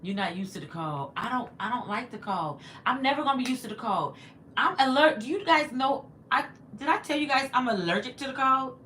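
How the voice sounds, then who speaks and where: A fairly high-pitched woman hosts a casual livestream from her house, reading viewers' comments aloud and chatting with them. She's chatty and animated, answering both her audience and her pet, with slight background noise in the audio.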